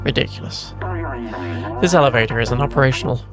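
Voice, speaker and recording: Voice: mid-range voice, fairly quick, music in the background, close to an everyday voice. A streamer reading aloud the lines of a robot guardian in a game. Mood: dismissive.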